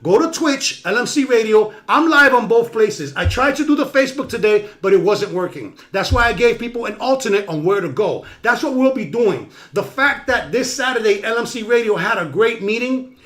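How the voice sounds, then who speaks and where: A man hosting a live-streamed talk show, giving an animated motivational monologue that swings from loud emphatic bursts to low quiet asides. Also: moderate pace.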